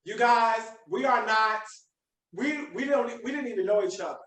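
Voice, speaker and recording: High-voiced man preaching in an echoey room. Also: moderate pace, fairly bright tone, far from the mic. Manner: preachy, emphatic, repeats himself. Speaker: podcast host. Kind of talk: motivational talk. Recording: echoey room, away from mic.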